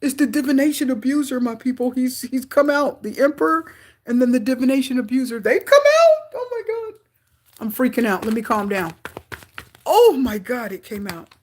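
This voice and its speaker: Woman reading tarot live, breathy voice, gets all worked up over the cards. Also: high voice, brisk. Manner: excitable, gasping and exclaiming at cards. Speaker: tarot reader.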